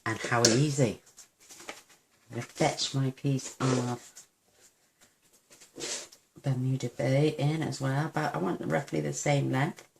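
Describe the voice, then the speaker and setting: A woman's voice: a bass voice, steady tone, slow pace, vocal fry, long pauses, darkish tone, a little hiss or hum. Chatty woman demonstrating crafts. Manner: chatty, gushing over cute results, self-deprecating. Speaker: papercraft tutorial host.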